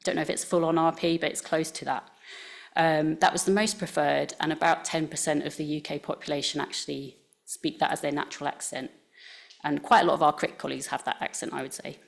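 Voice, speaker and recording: A woman's voice: deep voice, flat delivery, brisk, gravelly. A woman with an accent close to received pronunciation, giving a talk to scientists in a casual, conversational way with frequent fillers. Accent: near received pronunciation English. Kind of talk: presentation talk. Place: talk venue.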